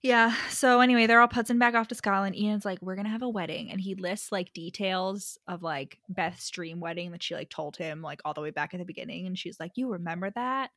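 A woman's voice: on the low side, fairly even intonation, fairly quick, hardly any pauses, fairly bright tone, no room sound, studio quality. A woman co-hosting a casual book podcast, recapping the plot in a chatty way, full of "like" and frequent laughs. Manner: chatty, laughs often, heavy use of "like".

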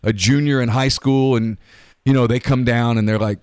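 A man's voice: mid-range voice, steady tone, normal speed, clear, resonant tone, no room sound, clean studio sound. A middle-aged man co-hosting a podcast, telling rambling, self-deprecating stories in casual chat. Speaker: podcast co-host.

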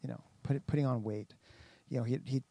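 Male podcast host, casual storyteller, rambling, gravelly and dark. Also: medium pitch, fairly even intonation, quick pace, no echo. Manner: rambling storyteller, many fillers and restarts, acts out quotes. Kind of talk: casual chat.

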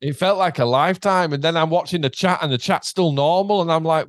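A man's voice: a little high, fairly quick, dry recording. A man chats casually on a podcast, telling stories with lots of swearing and acted-out quotes. His voice sits mid-range and is recorded dry and close, with nothing of the room in it.

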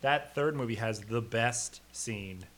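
A man chatting casually about films, animated and swearing, often laughing as he retells scenes. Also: medium pitch, slow pace. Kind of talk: casual podcast chat.

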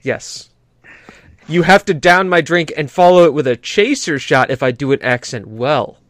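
A man's voice: fairly high pitch, expressive, moderate pace, a bit bright, dry recording. A man co-hosting a gaming podcast in casual chat, rambling through stories, swearing freely and laughing often. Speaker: podcast co-host.

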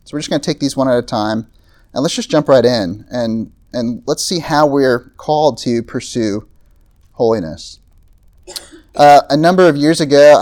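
A male pastor delivers an evening sermon, talking through the passage in a relaxed, chatty manner. His pitch sits in an ordinary middle range, and he keeps stopping to check in with the audience. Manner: conversational, frequent "right?" and "like" asides. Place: evening talk to a campus group.

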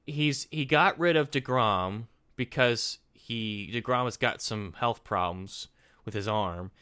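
A man co-hosting a podcast, talking in casual animated opinion chat and often restarting his words. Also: medium pitch, takes it slowly, clean tone. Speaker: podcast co-host.

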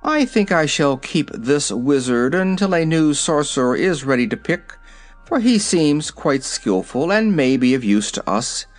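A man's voice: fairly high pitch, very animated, unhurried, faint music behind. A man reading aloud, voicing a cold, haughty male vegetable prince in a formal, chilly way.

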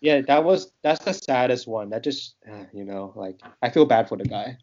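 Animated ranting man on a call. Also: medium pitch, lo-fi sound. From Texas, United States. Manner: animated, ranting, quick bursts. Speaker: podcast guest. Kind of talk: casual chat.

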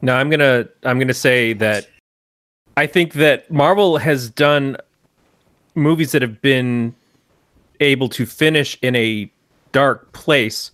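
A man's voice: medium pitch, takes it slowly, long pauses, no echo, clean studio sound. A man co-hosting a casual podcast roundtable, joking and steering the conversation. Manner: joking, lively, steers the talk. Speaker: podcast co-host.

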